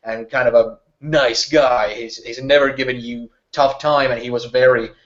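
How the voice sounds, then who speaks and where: A man's voice: medium pitch, steady tone, moderate pace. Man game master, rambling and muffled. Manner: rambling, filler-heavy, with frequent uh and like. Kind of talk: narrating a tabletop role-playing game. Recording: muffled lo-fi recording.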